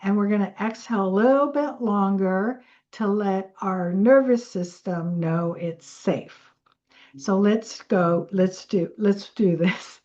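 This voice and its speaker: A woman's voice: on the low side, a little slow, dark tone, highs cut off. A woman coach talking casually and rambling a little, correcting herself as she teaches and leads a breathing exercise. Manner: chatty and rambling, with self-corrections. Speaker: money mindset coach.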